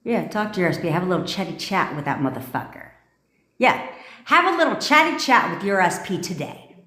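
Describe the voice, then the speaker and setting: A woman's voice: fairly low pitch, very animated, brisk. A woman manifestation coach on a livestream, giving a blunt, profane pep talk and repeating commands for emphasis. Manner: blunt, profane, forceful ranting. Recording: echoey room.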